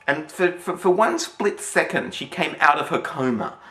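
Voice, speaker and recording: A man's voice: fairly high pitch, very animated, moderate pace, pushed and bright. A man with an Australian accent telling a story casually, rambling with many fillers and restarts. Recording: roomy echo.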